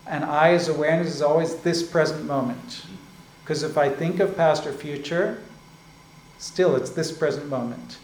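A man giving a spiritual discourse as a teacher. He explains slowly and often checks in with "right?" and "like this". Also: on the high side, steady tone, darkish tone. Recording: echoey room with faint ambient noise.

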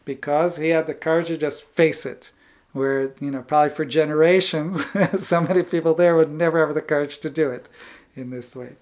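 A man with a fairly high voice gives a spiritual talk as a teacher. He speaks earnestly and emphatically, circling back over the same phrases. Soft laughs and small restarts run through his speech. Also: steady tone, normal speed.

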